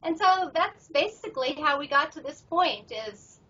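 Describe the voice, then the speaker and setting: A woman's voice: high voice, animated, moderate pace, sharp tone. A middle-aged woman, a professional tarot reader, chatting upbeat about her work as an interview guest. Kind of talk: casual interview chat. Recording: muffled audio from far off the mic.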